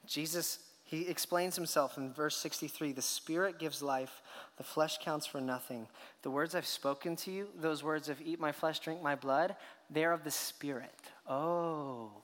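A man's voice: fairly high pitch, fairly even intonation, normal speed, a bit bright. A man preaching a sermon as a pastor, telling the story with rhetorical questions and acted reactions. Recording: long hall reverb.

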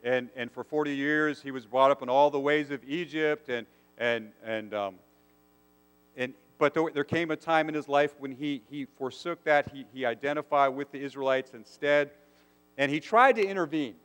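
Earnest preacher in an echoing hall. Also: male voice, mid-range voice, moderate pace, fairly bright tone, smooth. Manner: earnest, asks the congregation rhetorical questions. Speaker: pastor. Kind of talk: sermon. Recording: long hall reverb.

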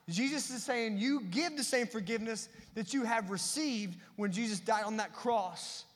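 A man preaching a sermon, moving between emphatic loud passages and hushed, quiet asides. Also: high-pitched, lively intonation, normal speed, long reverb tail. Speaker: pastor. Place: church sanctuary.

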